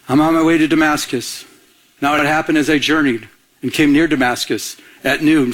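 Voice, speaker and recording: A man preaching a sermon to a congregation, asking for amens and acting out the scripture he quotes. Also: a little high. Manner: animated preaching with audience call-outs and acted-out quotes. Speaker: pastor.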